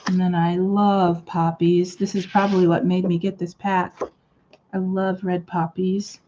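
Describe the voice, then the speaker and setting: A woman's voice: on the low side, level tone, unhurried, dark tone, muffled recording, a little hiss or hum. A woman hosting a live crafting stream, chatting casually and rambling with lots of fillers. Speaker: crafting channel host.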